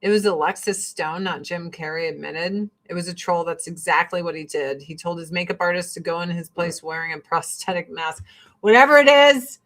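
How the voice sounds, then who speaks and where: A rural Illinois woman hosts a chatty get-ready-with-me vlog, speaking bluntly, cursing freely and laughing frequently. Her voice is lowish and fairly bright, at a moderate pace.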